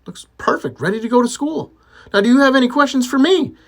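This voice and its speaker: Brief: upbeat family doctor, put on by a man, lively and bright. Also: very high voice, quick pace, pitched above the performer's own voice, exaggerated voice. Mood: breezy. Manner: breezy, reassuring. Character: cheerful male family doctor, middle-aged.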